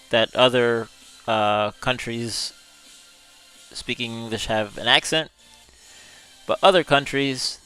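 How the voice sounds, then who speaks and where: Smooth-voiced, unhurried man. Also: mid-range voice, sharp tone. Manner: easygoing, chuckles often, drawls words. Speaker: livestream host. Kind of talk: casual chat reading viewer comments.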